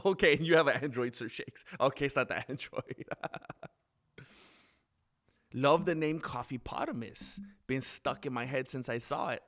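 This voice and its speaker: Rambling male live-stream host. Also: medium pitch. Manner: rambling, reads chat comments aloud, laughs often. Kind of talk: casual live-stream chat. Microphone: desk microphone with mixer.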